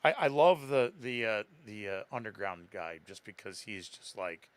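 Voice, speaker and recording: A male podcast co-host chats casually about a horror film, laughing and animatedly retelling it by acting out quotes. His lowish voice is clear and resonant at a moderate pace, in a dry recording.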